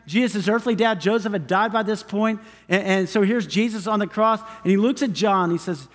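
A man's voice: high voice, brisk, hardly any pauses, big-room sound. A man preaching a sermon as pastor in a church, with an emphatic, repetitive cadence. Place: church sanctuary.

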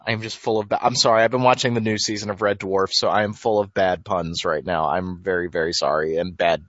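A man's voice: low voice, fairly even intonation, a little fast, fairly bright tone, no room sound, highs cut off. Rambling guy chatting about games. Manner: rambling, self-interrupting, enthusiastic. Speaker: podcast co-host. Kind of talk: casual gaming chat.

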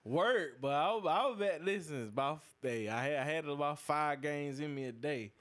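A young adult man, hosting a podcast and telling a casual, profane story, acting out other people's lines with big jumps in his voice. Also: moderate pace. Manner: animated, profane, acts out quoted lines with big pitch jumps. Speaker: podcast host.

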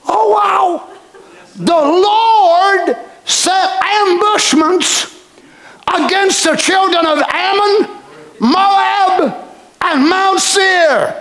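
A man preaching a fervent sermon, often shouting and stretching out his phrases. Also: very high voice.

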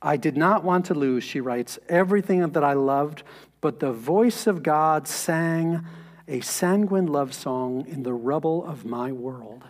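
Earnest man preaching, fairly high voice. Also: unhurried. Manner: earnest, conversational preaching with rising emphasis. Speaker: pastor. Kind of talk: sermon.

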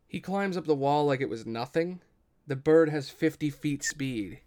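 A man narrating as game master of a tabletop game, measured and deliberate, with the odd swear. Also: fairly high pitch, expressive, a little mellow.

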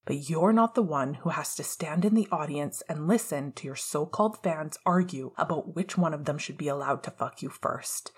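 Woman reading as a biting, sarcastic young man, husky low voice, cold and guarded, fan-fiction audiobook. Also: normal speed, few pauses. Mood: bitter. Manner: sarcastic, cutting.

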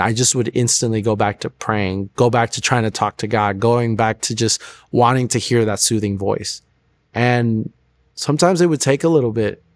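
A young man speaks at a middle pitch in a sincere, reflective testimony interview. He often pauses and restarts his sentences. His voice is close and dry, with no room sound around it. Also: no room sound. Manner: earnest and reflective, with frequent restarts and "like" fillers. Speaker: testimony guest.

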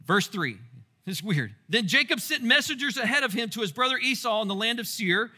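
A male pastor giving a casual Bible teaching, telling the story in a playful, animated way with asides to the congregation. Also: very high voice, fairly quick.

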